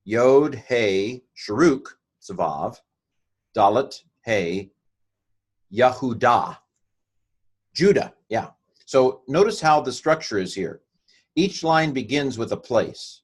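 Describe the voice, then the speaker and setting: A man teaching a casual Hebrew lesson, talking haltingly with many fillers and restarts. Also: on the low side, animated.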